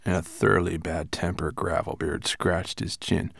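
Gravelly, expressive audiobook narrator. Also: male voice, sits low, normal speed, no room sound, clean studio sound. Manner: expressive reading. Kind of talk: scripted storybook narration.

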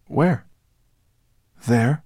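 A man reading an audiobook, voicing a wary, lonely female silver dragon with a hoarse voice. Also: mid-range voice, drawn-out words, a little mellow, dry recording, clean studio sound, voice pushed up. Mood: amazed. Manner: uncertain, then earnest and pleading.

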